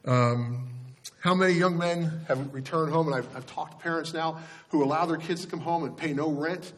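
A man's voice: fairly high pitch, normal speed. A male pastor giving a sermon in a conversational storytelling way, often restarting his sentences.

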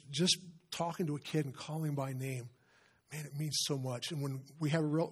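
Husky man preaching a sermon. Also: medium pitch. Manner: earnest, often clears his throat, slows and softens for emphasis. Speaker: visiting preacher.

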